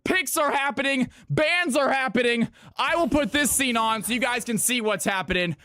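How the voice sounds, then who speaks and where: A man hosting a live stream of viewer games, hyping up his chat with excitable shouting and cheering. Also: very high-pitched, moderate pace, dry recording, studio quality. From California. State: out of breath. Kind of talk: live-stream hype commentary.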